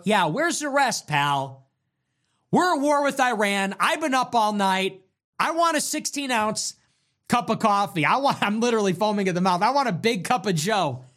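A young man hosts a livestream and rants through profane, sarcastic commentary. His pitch swings widely from low grumbles to high mocking bursts. He sounds heated and opinionated throughout. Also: expressive, normal speed, a bit bright. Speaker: livestream host.

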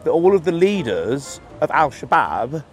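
A man's voice: on the high side, big pitch swings, a little slow, faint music behind. A man conducting a casual street interview outdoors, asking probing questions and often repeating them.

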